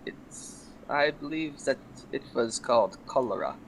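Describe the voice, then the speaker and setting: A man's voice: medium pitch, lively intonation, measured pace, slight background noise, rough recording. A man playing his character in a tabletop role-playing game, speaking carefully and politely. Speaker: player.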